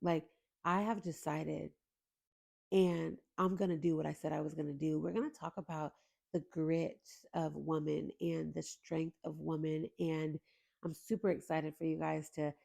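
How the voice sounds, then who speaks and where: Earnest woman podcast host, warm and gravelly. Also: low-pitched. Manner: earnest, emotional, talks straight to listeners. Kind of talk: heartfelt faith podcast intro.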